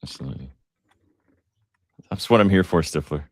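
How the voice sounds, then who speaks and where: Deep-voiced, excitable betting host. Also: male voice, moderate pace, slightly rough, no room sound. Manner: excitable, joking, lots of fillers. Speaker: sports betting show host. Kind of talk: casual live-stream betting talk.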